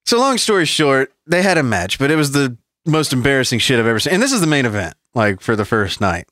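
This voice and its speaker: Animated, profane man telling stories. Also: medium pitch, fast talker, dry recording, studio quality. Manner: profane, animated storytelling with laughs. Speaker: podcast co-host. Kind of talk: casual chat.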